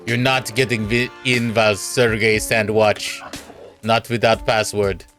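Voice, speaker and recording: Game bouncer: gruff Russian guard, dropped articles, flat menace, a man voicing him. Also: on the low side, measured pace, faint music behind, pitched below the performer's own voice. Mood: stern. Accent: put-on Russian. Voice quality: clipped broken English, deadpan.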